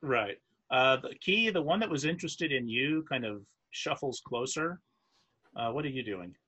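A man narrating as game master of a tabletop role-playing game, halting and restarting, with many fillers. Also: mid-range voice, animated, sharp tone, slightly rough, low-quality recording. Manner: halting, full of fillers and restarts, laughs often.

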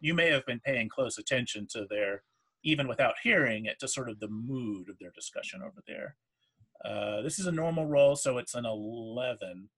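A man's voice: mid-range voice, expressive, moderate pace, a bit bright, breathy edge. A man acting as game master, describing scenes and calling for rolls with many hesitant restarts. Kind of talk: running a tabletop game.

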